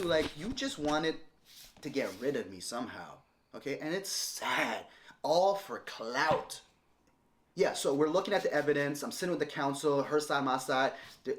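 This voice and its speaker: A man's voice: fairly high pitch, very animated, normal speed. A man in his thirties delivers a direct-to-camera rant at his ex-partner. He is confrontational and keeps circling back to the same points. His voice moves a lot, rising and falling as he presses each one home. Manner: confrontational, repetitive, lecturing. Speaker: vlogger responding to an ex-partner.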